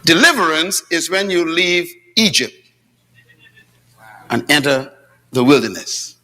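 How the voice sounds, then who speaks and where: A man preaching a sermon as pastor, dramatic, swinging between shouts and low asides, telling stories with quoted dialogue in a church with responses from the congregation. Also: expressive, unhurried.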